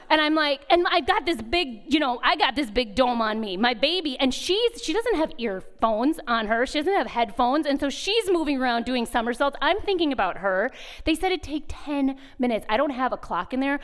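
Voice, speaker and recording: A high-pitched woman gives a storytelling sermon at a women's retreat. She talks to the room with lively animation, acting out sounds and voices along the way. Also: a little fast. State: pregnant at the time, not now. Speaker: retreat speaker.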